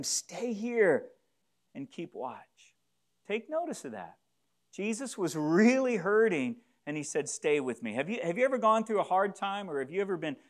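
Male pastor with a high voice, earnest sermon delivery, repeats phrases, loud then soft. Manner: earnest, repeats phrases, varies volume for emphasis.

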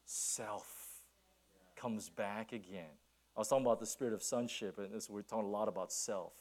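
A middle-aged man preaching a sermon as pastor, telling stories with many restarts and then slowing down to stress his points. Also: lowish voice. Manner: animated storytelling with many restarts, then slow emphatic preaching.

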